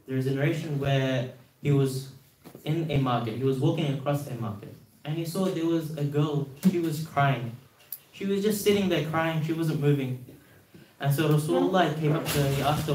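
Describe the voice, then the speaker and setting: A man's voice: fairly high pitch, moderate pace, darkish tone, a little hiss or hum. A man giving a sermon, telling stories earnestly, with rhetorical questions and repeated phrases. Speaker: speaker at a religious gathering. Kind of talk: sermon storytelling. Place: hall at a religious gathering. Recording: roomy hall from a distance.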